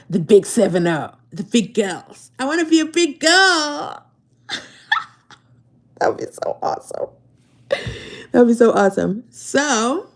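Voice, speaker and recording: A woman hosting a casual live stream from her phone, chatting away and swinging from loud excited pleas to soft whispered asides. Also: mid-range voice.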